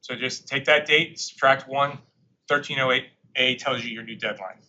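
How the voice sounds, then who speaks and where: Guy giving a casual talk to a room, really bright tense voice, kinda dull recording. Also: medium pitch, fairly even intonation, normal speed. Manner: conversational, emphatic, with frequent fillers and asides. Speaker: government attorney presenting to bankruptcy practitioners. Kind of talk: informal presentation to a live audience. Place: courtroom or meeting room.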